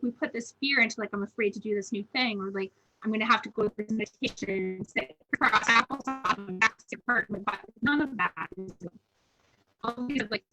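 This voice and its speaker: A woman's voice: on the high side, sharp tone, rough recording. A woman co-hosting a casual chat over a video call from home, frank and rambling, swearing casually. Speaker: co-host.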